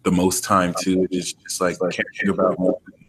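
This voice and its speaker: A man's voice: deep voice, monotone, normal speed, a bit bright, low-quality recording. A man hosting a casual podcast interview, mostly giving short, affirming replies. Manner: brief affirming responses. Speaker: podcast host. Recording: faint background noise.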